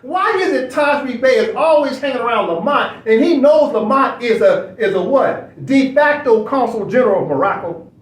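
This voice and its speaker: High-pitched man lecturing from across an echoey room. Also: expressive, normal speed. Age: adult. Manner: preachy, repetitive, rhetorical questions. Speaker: online study session host. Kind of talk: casual commentary lecture. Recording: echoey room, far from mic.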